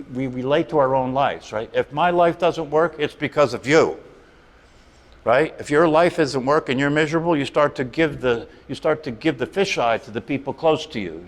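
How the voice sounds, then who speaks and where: A middle-aged man teaching a meditation class in a conversational way, often tossing rhetorical questions to the listeners. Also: a little high. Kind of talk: meditation talk. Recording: long reverb of a hall.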